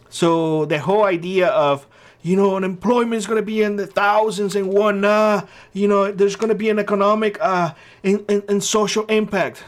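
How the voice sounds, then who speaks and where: Blunt, emphatic man with a higher voice. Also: fairly even intonation, normal speed. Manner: blunt, emphatic, repeats key phrases. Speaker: channel host. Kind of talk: opinion commentary to camera.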